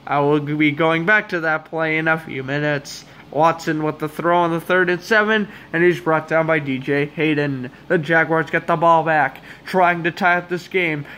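A young man calling a football game as a fan commentator, hoarse and under the weather, with sarcastic, exasperated asides. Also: fairly high pitch, moderate pace, hardly any pauses, pushed and bright. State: hoarse, voice giving out. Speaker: amateur play-by-play commentator.

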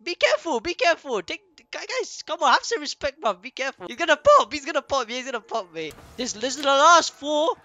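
A young man giving loud, excitable gameplay commentary as a streamer, repeating phrases in bursts. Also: very high-pitched, fairly quick, hardly any pauses, dry recording. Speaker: gaming streamer.

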